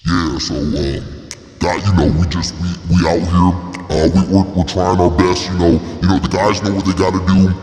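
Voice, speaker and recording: A man voicing a male basketball player who fakes a deep voice, halting and full of fillers. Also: level tone, a little mellow, reverberant, big-room sound, soft background music, lightly acted. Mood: mumbling. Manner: halting, filler-heavy, slow.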